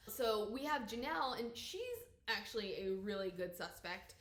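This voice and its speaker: A woman's voice: medium pitch, moderate pace, hardly any pauses, echoey room. Chatty woman with a light Southern accent. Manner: chatty and opinionated, with lively emphatic rises. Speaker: book reviewer. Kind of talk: casual spoken book review.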